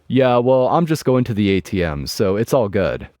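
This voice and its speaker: An impatient, entitled driver barks back loudly and belligerently, as a man reads him out. The voice sits low and dry, close to the mic. A faint music bed plays underneath. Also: sing-song, moderate pace, no echo. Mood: angry. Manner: loud, belligerent.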